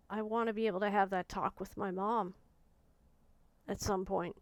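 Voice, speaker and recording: A woman in her forties with a smooth, resonant voice speaks in a personal reflective monologue. She talks softly and searchingly, often stopping to restart a thought. The sound is close and dry, with no room echo. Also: medium pitch, steady tone. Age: 40s. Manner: soft, searching, halting speech with frequent restarts. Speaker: vlogger.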